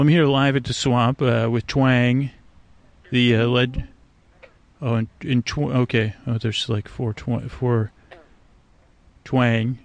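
A man's voice: medium pitch, gravelly, no room sound. A man hosting a sleep podcast, rambling and hesitant while improvising a monologue to the frogs outdoors by a swamp at night. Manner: meandering, hesitant, full of restarts and fillers, talks to frogs.

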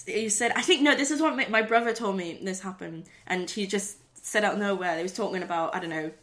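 A woman's voice: mid-range voice, fast talker, a bit bright. A young woman from North East England with a Geordie accent, chatting casually and laughing often. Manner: giggly, playful banter. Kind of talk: casual chat.

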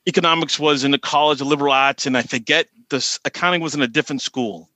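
A man's voice: mid-range voice, fairly even intonation, fast talker, sharp tone, no echo. A man with a Boston accent, a podcast guest telling stories in a rambling way and often repeating words. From Boston area. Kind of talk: casual chat.

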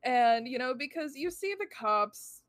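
A woman with a fairly high voice, picking apart a comic on a podcast. She sounds exasperated and critical, talking quickly through her points. The recording is dry and close. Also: animated, fairly bright tone, dry recording. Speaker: podcast co-host. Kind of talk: casual comic book discussion.

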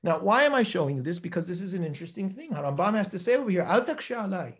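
Male rabbi lecturer, high lively voice, emphatic, rhetorical, Torah class. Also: rapid-fire. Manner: animated, emphatic, rhetorical questions, quotes Hebrew texts.

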